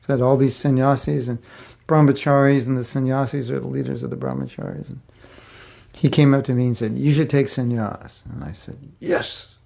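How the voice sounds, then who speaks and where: A man's voice: mid-range voice, fairly even intonation, a little fast, vocal fry, dark tone. An older man giving a spiritual class, telling a personal story in a rambling, conversational way with many fillers. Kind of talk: casual storytelling lecture.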